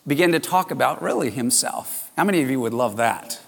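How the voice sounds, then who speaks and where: Animated preaching man in a reverberant hall. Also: normal speed, gravelly. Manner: animated storytelling, acting out the disciples with sudden high exclamations. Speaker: pastor. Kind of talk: sermon.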